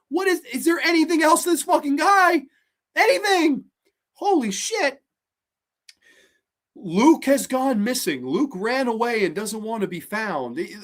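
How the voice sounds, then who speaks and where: Woman host going off on movies, lots of swearing, sarcastic and animated. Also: fairly high pitch, normal speed. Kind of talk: casual ranting film review.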